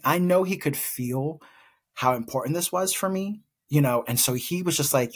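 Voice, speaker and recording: A man's voice: medium pitch, moderate pace, breathy edge. A man co-hosting a podcast, telling a personal story in an earnest, reflective way, openly emotional. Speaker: podcast co-host.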